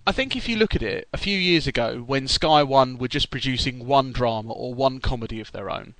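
A man's voice: mid-range voice, brisk, fairly bright tone, no echo, poor audio. A man co-hosting a podcast in casual chat, rambling and correcting himself as he goes. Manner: chatty, rambling, self-correcting. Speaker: podcast co-host.

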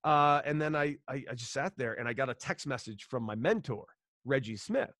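A man's voice: medium pitch, fairly quick, no echo. A man in his thirties tells his story in a casual interview, voicing each person in it and swearing freely. His voice is dry and close, recorded with little room sound. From Los Angeles, United States. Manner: animated storyteller, acts out quoted dialogue, swears freely. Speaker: former pro baseball player, guest.

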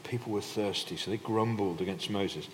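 A man with a voice on the low side preaches briskly in a church hall. His sermon is conversational, full of restarts and filler, and the recording carries echo from the hall plus faint background noise.

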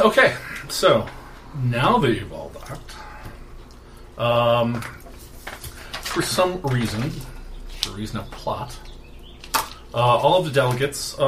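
A man's voice: mid-range voice, fairly bright tone. Game master man over a noisy background. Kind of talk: narrating a tabletop game. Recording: noisy home recording.

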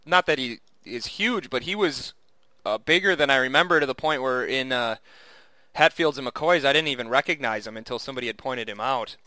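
A man's voice: medium pitch, brisk, pushed and bright, dry recording. A man co-hosting a casual podcast chat, rambling with restarts and chuckling often. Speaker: podcast co-host.

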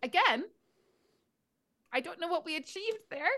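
Bright-voiced British woman telling game stories. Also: extremely high pitch, lively intonation, unhurried. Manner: laughing, self-deprecating storytelling. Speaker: podcast co-host. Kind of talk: casual chat recapping a live-action role-play event.

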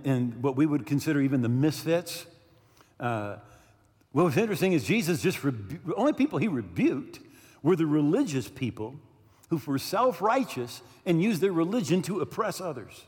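Male pastor, high and very animated delivery, emphatic and repetitive, preaching in a church hall with long reverb. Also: normal speed, husky. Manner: emphatic, repeats phrases and asks "right?". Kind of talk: sermon.

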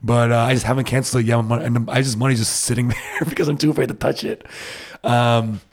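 A man's voice: medium pitch, steady tone, fast. A man from Rhode Island chatting casually, rambling and self-deprecating, with lots of fillers. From Rhode Island, USA. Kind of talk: casual chat. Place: Berlin.

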